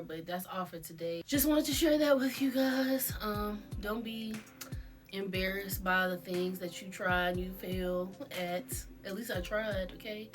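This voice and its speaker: A woman vlogger telling a casual storytime, chatty and self-mocking, laughing often as she goes. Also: medium pitch.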